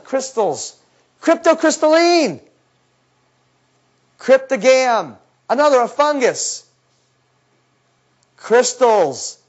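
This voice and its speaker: A man with a fairly high voice gives a lecture, acting out his own past words as he tells the story. He swings from brisk reading down to low, intense asides. The recording sounds dull and lo-fi. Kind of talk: lecture talk.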